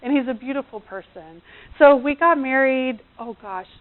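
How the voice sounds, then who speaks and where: A middle-aged woman leading a seminar, speaking in a rather high voice and chatting freely with her audience. She acts out what people said with sudden loud, high bursts. The sound is thin and tinny, like a phone line. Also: normal speed. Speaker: seminar presenter. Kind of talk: live seminar talk. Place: seminar room.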